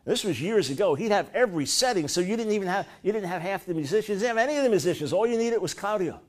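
Middle-aged guy preaching, pretty high voice, animated stories, gets loud acting out quotes. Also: very fast. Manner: animated storytelling, rising to loud high-pitched bursts when acting out quotes. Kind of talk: sermon.

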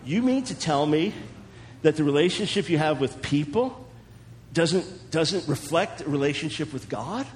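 A man preaching in a sermon-style teaching talk, animated and chuckling, acting out the voices of the people he quotes. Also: on the high side, normal speed, a little hiss or hum.

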